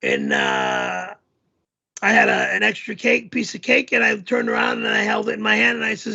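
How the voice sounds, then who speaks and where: Casting: hoarse, gravelly man, rambling hesitant storyteller, husky, dull lo-fi stream. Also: high voice, sing-song, moderate pace, bright, forceful tone. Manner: rambling, hesitant, many fillers. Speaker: show host. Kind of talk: casual livestream storytelling.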